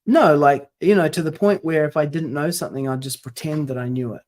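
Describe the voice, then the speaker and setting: A man's voice: on the high side, brisk, a little mellow. A man co-hosting a podcast in casual chat, rambling through stories and acting out the quotes. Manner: rambling storyteller, acts out quotes. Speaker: podcast co-host.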